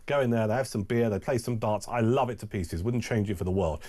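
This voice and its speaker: A man's voice: fairly low pitch, fast, dark tone. A man hosting a radio talk show, chatting casually and rambling with restarts in a studio.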